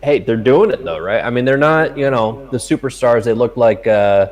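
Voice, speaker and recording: A man's voice: medium pitch, moderate pace, low-quality recording. A young man co-hosting a casual sports betting chat, swearing often and telling stories animatedly. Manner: profane, animated storytelling. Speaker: podcast co-host.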